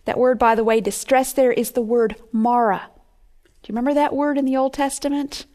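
A middle-aged woman giving earnest, expressive Bible teaching, sometimes dropping to a hush. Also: on the high side, fairly quick.

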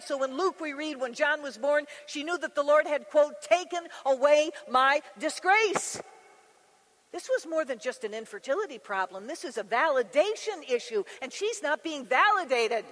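A woman teaches a women's Bible study in an animated, chatty way, slipping into the voices of scripture figures. Her voice is high, and the long reverb of a large hall follows every phrase. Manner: animated, conversational, acts out scripture scenes.

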